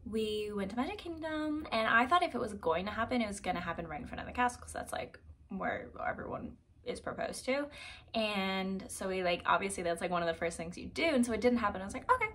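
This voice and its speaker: A young woman in her twenties chats to her camera in a casual vlog. She tells the story in an animated, gushing way and fills it with "like" and little side comments. Her voice sits at an ordinary middle pitch for a woman. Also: fast. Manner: chatty, animated, heavy use of "like". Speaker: vlogger.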